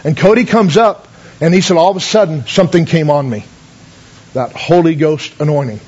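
A man's voice: fairly high pitch, normal speed, darkish tone, breathy edge, highs cut off. A man pastor telling stories in a sermon, folksy, with many fillers and calls of amen. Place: church.

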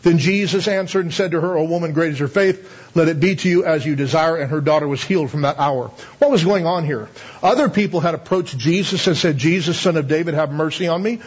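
A man's voice: a little high, a little fast, breathy edge. A man preaching a sermon in a conversational way, asking the audience questions and laughing now and then. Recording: slightly dull lo-fi sound.

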